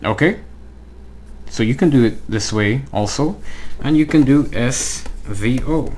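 A man's voice: medium pitch, measured pace, a little mellow, a little hiss or hum. A man teaching a language lesson online, explaining step by step and checking in with "okay?" as he writes on the screen. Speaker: Hebrew teacher.

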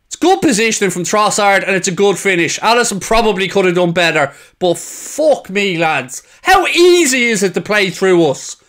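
A young man reacting to football highlights, heated and swearing freely. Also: expressive, normal speed, hardly any pauses, fairly bright tone. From England. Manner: heated, swearing, frequent outbursts. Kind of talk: casual match reaction commentary.

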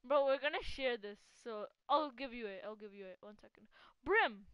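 A woman giving casual live gameplay commentary as a gaming channel host. She is excitable, laughs often and teases a teammate. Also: on the high side, normal speed, clean tone, dry recording, dull audio.

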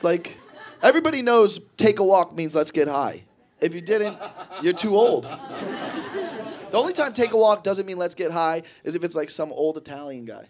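A young man performing a stand-up comedy set on a club stage, animated and swearing, acting out his friends. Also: high-pitched, a crowd in the background. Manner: animated, swears a lot, acts out friends in quick voices. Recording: live club audience in background.

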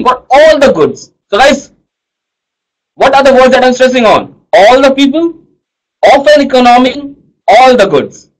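A man teaches an economics lesson in a high, light voice. He coaxes his students along and keeps pausing to check that everyone has understood. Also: rough recording. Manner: coaxing, checks understanding often. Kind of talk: online class lecture.

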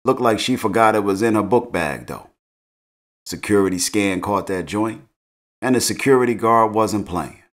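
A man's voice: fairly low pitch, lively intonation, normal speed. A middle-aged man casually recapping a TV episode in slangy, laid-back talk, laughing at his own jokes. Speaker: show recap host.

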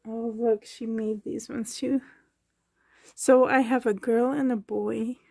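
A woman unboxing a parcel in her bedroom, breaking into excited exclamations and soft whispers. Her voice sits high but has a husky, gravelly grain. She talks at an unhurried pace. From Canada. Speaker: doll collector vlogger. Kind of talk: unboxing vlog. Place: bedroom at home.

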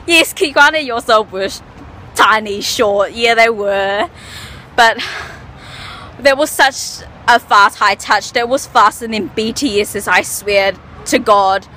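A woman vlogging as an excited fan outside after a concert, losing her voice and gushing breathlessly. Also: a little high, slight background noise.

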